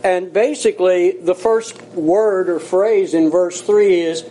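A male pastor delivers a sermon in a fairly high, mellow voice. He is earnest and folksy, with plain asides. He slows down to drive key points home. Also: fairly even intonation, rough recording.

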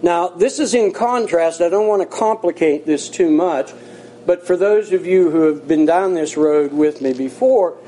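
Man, pastor, sermon, high voice, warm mellow tone, earnest and folksy. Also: poor audio. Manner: earnest, folksy, slows for emphasis.

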